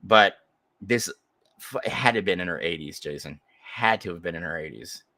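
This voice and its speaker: Deep-voiced, profane storytelling podcaster. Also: male voice, moderate pace, dry recording. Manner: rambling, profane, animated. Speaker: podcast co-host. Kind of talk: casual storytelling chat.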